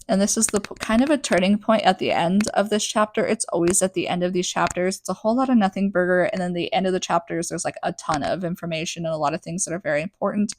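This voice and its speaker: A woman's voice: fairly low pitch, fast talker, few pauses, slight background noise. A young adult woman hosting a podcast, recapping a book in a chatty, sarcastic way full of "like". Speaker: podcast host.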